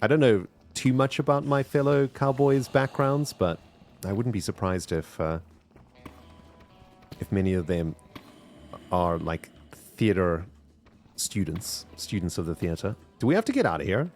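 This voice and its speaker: A man's voice: mid-range voice, animated, moderate pace, pauses often, darkish tone, soft background music. A man streaming a video game, chatting casually and thinking aloud as he plays. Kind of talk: casual gaming livestream chat.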